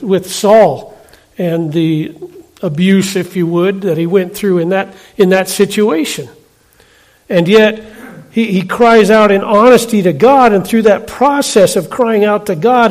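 High-voiced preacher, chatty with his flock. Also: a little mellow. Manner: conversational, asks the congregation quick questions. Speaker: pastor. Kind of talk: sermon.

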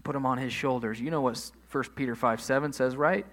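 A man's voice: mid-range voice, fairly quick, fairly bright tone. A man preaching a sermon in a conversational way, leaning hard on key phrases. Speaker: pastor.

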